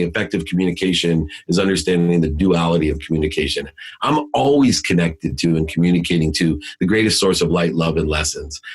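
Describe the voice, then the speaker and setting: A middle-aged man, a podcast guest, telling a motivational story in an intense, emphatic way that swings between loud and hushed. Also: low voice, husky.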